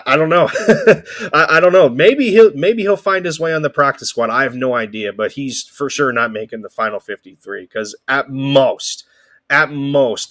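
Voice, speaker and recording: A man's voice: on the low side, sharp tone, no room sound. A man co-hosting a casual sports podcast, rambling and restarting his phrases as he talks. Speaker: podcast co-host.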